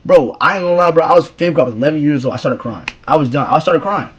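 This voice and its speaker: A young man telling a profane, slangy story about his school days, jumping from loud exclamations to low mumbled asides. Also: fast talker, breathy edge, muffled recording. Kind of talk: casual storytime rant.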